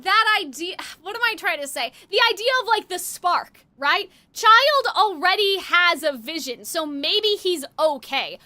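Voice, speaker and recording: Chatty high-voiced woman streamer. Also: pushed and bright. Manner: rambling, chatty. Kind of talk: casual game commentary. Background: faint game music.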